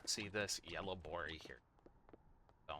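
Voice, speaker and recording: A man doing brisk, matter-of-fact play-by-play commentary as an esports caster. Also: sits low, heavy background noise. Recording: loud game gunfire behind.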